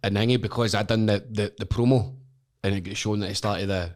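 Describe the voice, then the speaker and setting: A man's voice: lowish voice, fairly even intonation, fast. A Scottish man, a wrestler guest on a podcast, telling stories in casual chat, swearing a lot and laughing through them.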